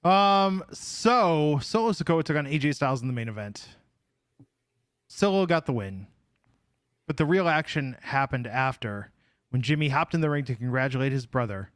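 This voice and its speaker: A man's voice: medium pitch, expressive, moderate pace, no echo. A man hosting a podcast in casual chat, telling stories with wry, dry humor. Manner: wry storytelling, dry jokes. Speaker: podcast host.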